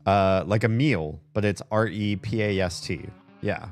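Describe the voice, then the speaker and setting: Low-voiced guy streaming games, just musing out loud, lots of ums. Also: a little slow, faint music behind. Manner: rambling, musing aloud with fillers. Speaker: game streamer. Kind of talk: casual gameplay commentary chat.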